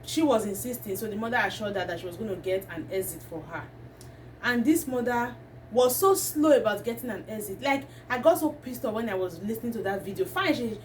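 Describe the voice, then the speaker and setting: A woman, talking to camera as a vlogger and ranting with indignation. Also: mid-range voice. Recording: distant mic, faint background noise.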